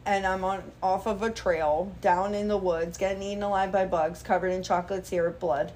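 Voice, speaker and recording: A woman in her thirties, a guest model chatting casually, telling lively stories with swearing and acted-out quotes. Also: mid-range voice, brisk, slight background noise. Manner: animated storyteller, swearing, acting out quotes. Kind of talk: casual chat.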